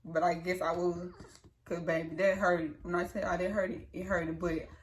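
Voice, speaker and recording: A woman's voice: lowish voice, normal speed. A young woman, telling her birth story to viewers in a casual, chatty way. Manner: chatty, addresses viewers as y'all, lively retelling. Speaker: new mother vlogger.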